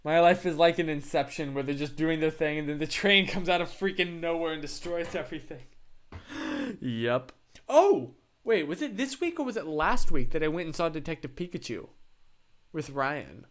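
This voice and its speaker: A young man with a hoarse, raspy throat, chatting casually on a live stream in a rambling, self-mocking way. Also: a little high, expressive, normal speed.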